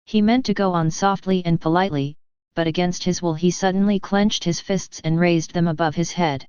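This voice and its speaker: A woman narrating an audiobook in a steady, even reading. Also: fairly low pitch, normal speed, clear, resonant tone, no room sound. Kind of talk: scripted narration. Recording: dull lo-fi.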